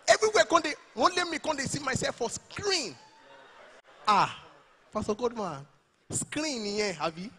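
Animated Nigerian comedian, bright voice. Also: male voice, extremely high pitch, normal speed, long pauses, husky. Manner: animated, mixing Pidgin and Yoruba. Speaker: stand-up comedian. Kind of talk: live stand-up at a church event. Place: church event stage.

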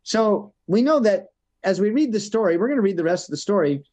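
A man with a high-pitched voice delivers a sermon. He reads verses aloud, then explains them in a relaxed, conversational way, often tagging on "no?" to keep listeners with him. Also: fairly quick. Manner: reads scripture then retells it in plain words, tag questions. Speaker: church elder preaching. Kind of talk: sermon with scripture reading.

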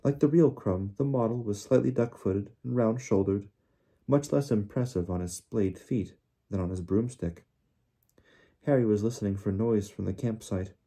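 Husky, dark-voiced male audiobook narrator. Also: lowish voice, moderate pace. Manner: steady storytelling. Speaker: audiobook reader.

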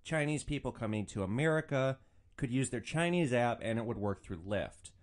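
A man telling comedic stories in a mid-pitched voice that swoops up and down with plenty of expression. His delivery is sardonic and crude, savoring every petty victory. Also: animated, moderate pace. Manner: sardonic, crude, relishing revenge. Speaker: podcast host and rideshare driver. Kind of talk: comedic storytelling.

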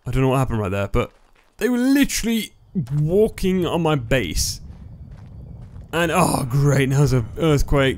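A man commentating his own gameplay, excitable and yelling at setbacks, his voice going hoarse on a close, loud mic. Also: medium pitch, moderate pace. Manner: excitable, yelling when dying in game. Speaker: gaming YouTuber. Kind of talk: let's play commentary. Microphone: close headset or desk mic, loud. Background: faint background music.

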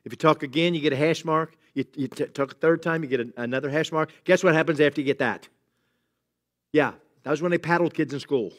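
A man's voice: a little high, quick pace. A middle-aged man preaching a sermon in a church, conversational and jokey, with chuckles and asides to the congregation. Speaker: pastor. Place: church sanctuary.

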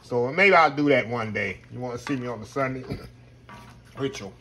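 This man's mid-range voice has a sharp tone and a moderate pace, with a touch of hiss or hum. He's a home cook chatting casually in a cooking video, folksy in manner and calling his viewers "y'all."

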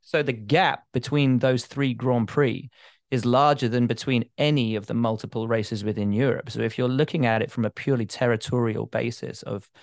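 Man, middle-aged, podcast guest; emphatic, expansive delivery, mid pitch, dead dry audio. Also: steady tone, moderate pace, no room sound. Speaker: guest, motorsport reporter. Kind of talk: casual podcast chat.

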